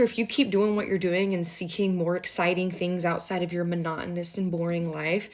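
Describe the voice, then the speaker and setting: Chatty woman doing a tarot reading. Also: lowish voice. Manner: chatty, rambling, with offhand asides and soft muttering. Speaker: tarot reader. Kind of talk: casual live tarot reading.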